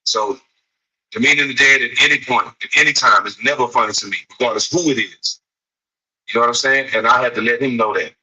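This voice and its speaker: Male host, bright tense tone with husky edge, mic set back; earnest, emphatic commentary. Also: mid-range voice, fast talker, distant mic, rough recording. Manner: earnest, emphatic, repeats himself. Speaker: podcast host. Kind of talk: casual commentary.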